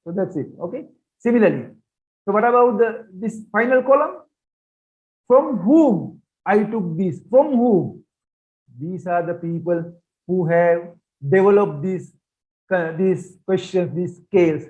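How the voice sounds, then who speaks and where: A man's voice: sits high, animated, unhurried, a little mellow, muffled recording. A man giving an online research methods lecture, repeating points and asking rhetorical questions. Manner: repetitive, rhetorical questions, conversational teaching. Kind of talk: online lecture with shared slides.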